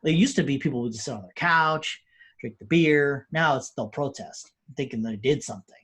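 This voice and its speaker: Husky-voiced man ranting casually. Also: medium pitch, moderate pace, a bit bright. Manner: profane, ranting, mocks people in quoted voices. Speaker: podcast co-host. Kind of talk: casual chat.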